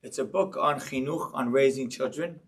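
A man giving a sermon-style Torah class, telling stories with animated delivery and acting out voices in them. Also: medium pitch, normal speed, far from the mic. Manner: animated storyteller, acting out a child's voice. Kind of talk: sermon with storytelling.

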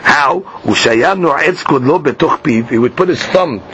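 A man teaching a Talmud class. He reads each line slowly and then explains it in plain English. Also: on the high side, lively intonation, a bit bright. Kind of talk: Talmud class, reading and translating. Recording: dull lo-fi class recording with faint hiss.

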